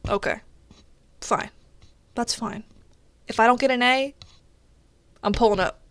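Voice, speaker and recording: A young woman streamer chatting casually while gaming, telling a story in an animated way and swearing often. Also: fairly high pitch, a little slow, no echo.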